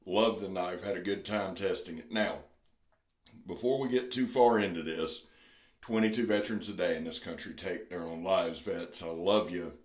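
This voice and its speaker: A man with a fairly low voice talks through a knife review in a relaxed, folksy way. He sounds earnest and plain-spoken, and the recording has a noticeable roomy echo. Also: normal speed. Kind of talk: casual review vlog.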